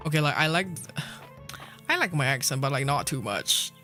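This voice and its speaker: A man with a fairly high voice chatting loosely to his stream audience, playful and quick to laugh, tossing in casual swears. Soft music plays faintly behind him. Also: big pitch swings. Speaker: livestreamer. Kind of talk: casual game-stream chat. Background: faint background music.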